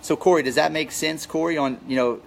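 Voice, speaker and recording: A man's voice: fairly high pitch, steady tone, brisk, creaky, a little hiss or hum, rough recording. A man coaching real estate wholesalers in a live Q&A, talking energetically and repeating his key points for emphasis. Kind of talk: live Q&A with viewers.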